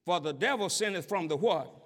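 A man preaching a sermon, asking the congregation call-and-response questions and building up to shouted passages. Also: sits high, animated, fairly quick. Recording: long hall reverb.

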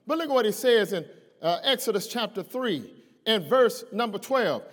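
A man preaching a sermon to his church, slow and emphatic, building to shouted lines. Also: high-pitched, lively intonation. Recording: long hall reverb.

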